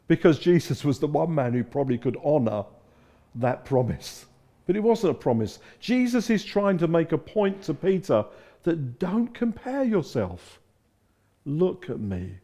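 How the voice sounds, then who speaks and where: Lively, mellow-voiced English man preaching. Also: mid-range voice. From England. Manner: storytelling with acted-out quotes. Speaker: pastor. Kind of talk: sermon.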